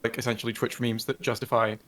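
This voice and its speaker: A man who made a video, debating on a call and joking between rapid points. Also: medium pitch, level tone, fairly bright tone.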